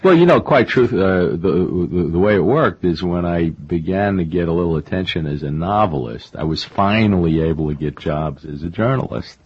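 A man's voice: low voice, expressive, normal speed, hardly any pauses, slightly rough. An older man, a novelist guest in an interview, talking in a rambling, self-deprecating way with many fillers and restarts. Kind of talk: conversational interview. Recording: dull lo-fi radio recording.

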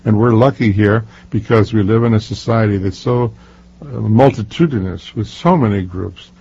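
A man's voice: on the low side, moderate pace, warm tone, husky. An older man, an author being interviewed, telling stories emphatically with many fillers and restarts. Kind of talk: casual interview talk. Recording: muffled lo-fi recording.

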